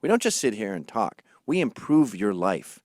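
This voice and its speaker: With a fairly low, slightly mellow voice and a sing-song delivery at normal speed, a Scottish comedy podcast host tells crude stories animatedly and acts out others' voices. The studio sound is clean and free of echo.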